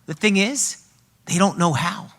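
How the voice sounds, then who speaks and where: A man's voice: high-pitched, unhurried, fairly bright tone. A man presenting a parenting workshop to a live audience, speaking emphatically and often checking in with "okay?" and "right?".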